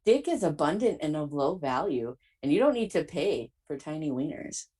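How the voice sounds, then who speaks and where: A woman's voice: low-pitched, big pitch swings, normal speed, dark tone, slightly rough. A woman hosting a casual podcast chat, chiming in with dry, blunt remarks. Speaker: podcast host.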